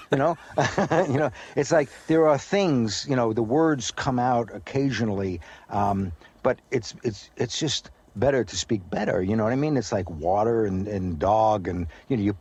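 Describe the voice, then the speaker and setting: An older American man with a Brooklyn accent softened toward British, chatting in a rambling, anecdotal way as a guest on a radio interview. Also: fairly low pitch, moderate pace, few pauses, breathy edge. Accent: Brooklyn New York, softened toward British. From USA. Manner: rambling, anecdotal, many fillers. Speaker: actor guest. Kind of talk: relaxed radio interview chat.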